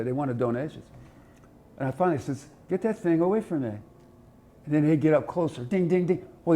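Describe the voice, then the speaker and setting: Man in his 70s from Ohio, military veteran recounting anecdotes for an interview, vivid and animated, acting out the voices and sounds in his stories, with a somewhat high pitch. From Ohio, USA. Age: older, 70s. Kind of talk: oral history interview storytelling.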